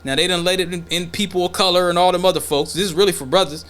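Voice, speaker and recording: A man co-hosting a podcast races through casual opinion talk in a high-pitched, clear, resonant voice. He's blunt, profane and animated, acting out imagined dialogues along the way.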